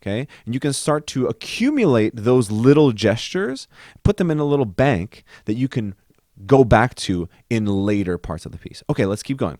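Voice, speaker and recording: A man's voice: medium pitch, big pitch swings, moderate pace, darkish tone, no room sound, studio quality. A man, a composer, teaching music composition. He speaks lyrics aloud to find their rhythm and counts beats over piano chords. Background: faint piano.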